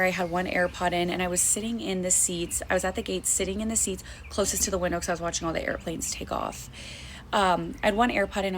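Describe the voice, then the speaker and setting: A young woman telling a frightening personal story in a tense, fast retelling that acts out the quotes. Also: lowish voice, slight background noise. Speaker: guest. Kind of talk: casual storytelling.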